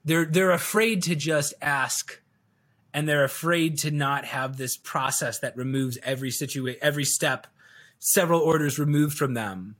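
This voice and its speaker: A man's voice: fairly high pitch, normal speed, fairly bright tone. A man telling stories in a casual podcast interview, playfully acting out quoted dialogue and chuckling as he talks. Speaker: sales video coach, guest.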